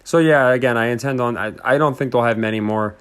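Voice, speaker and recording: A man's voice: medium pitch, fast, clean tone. A man giving casual, skeptical commentary over sports clips, mocking and repeating himself as he talks.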